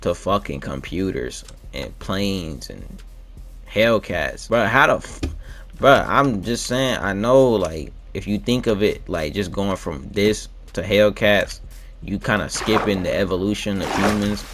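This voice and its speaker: A man's voice: low voice, expressive, a little slow, a bit bright, faint music behind. A young man rambling in slangy, laid-back chat while playing a video game late at night. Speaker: gaming vlogger.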